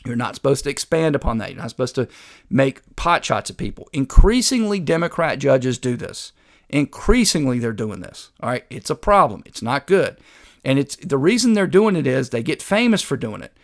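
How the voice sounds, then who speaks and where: A man's voice: medium pitch, big pitch swings, moderate pace, creaky. A man hosting a political commentary show, talking in a sarcastic, combative way. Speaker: host.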